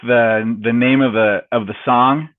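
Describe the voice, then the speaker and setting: A man co-hosting a podcast, tossing in quick asides and stumbling over his words. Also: mid-range voice, steady tone, phone-quality sound. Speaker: podcast co-host. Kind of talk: casual chat.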